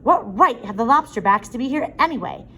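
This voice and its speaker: A woman reading a story aloud, voicing an excited young male soldier in a raised, eager voice. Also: mid-range voice, moderate pace, slight background noise, close to an everyday voice, rough recording. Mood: indignant.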